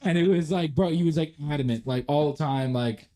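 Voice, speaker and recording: A man's voice: on the high side, brisk, a crowd in the background. A young man co-hosting a podcast, telling rambling workplace stories with lots of swearing and acted-out quotes. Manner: animated, swearing, acts out quotes. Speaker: podcast co-host. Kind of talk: casual storytelling chat.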